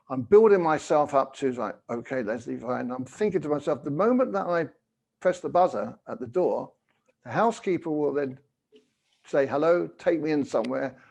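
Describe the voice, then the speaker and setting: An older man in his seventies, heard over a video call, with a voice that sits a little higher than usual for a man. He talks as a guest in loose, rambling anecdotes, leaning on "you know" as he goes. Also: a little mellow. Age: 70s. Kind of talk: casual storytelling.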